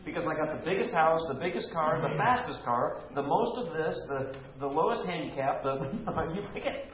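A fairly high-voiced man teaches a Bible study with lively, swooping emphasis, often turning to his group with questions. The sound is lo-fi and dull, with plenty of room echo around him. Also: normal speed, a crowd in the background. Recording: echoey room, lo-fi.

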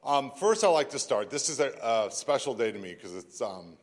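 A man's voice: medium pitch, very animated, moderate pace. Choked-up man giving church announcements. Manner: chatty and rambling, emotional. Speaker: announcements speaker.

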